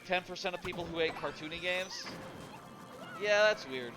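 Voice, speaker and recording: Streamer, male, slightly raised pitch, rambling and chatty while playing, music running underneath. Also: normal speed. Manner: rambling, filler-heavy, chatty, answers chat. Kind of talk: casual live-stream commentary while gaming.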